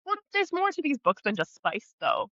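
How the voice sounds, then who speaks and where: A woman co-hosting a book podcast in casual chat, giggling often and speeding up when excited. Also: a little high, normal speed, no echo. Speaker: podcast co-host. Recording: slightly dull lo-fi audio.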